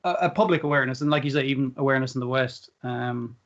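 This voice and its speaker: A man's voice: medium pitch, racing, fairly bright tone, muffled recording. A man co-hosting an anime podcast, chatting casually and bluntly, swearing now and then. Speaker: podcast co-host. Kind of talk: casual chat.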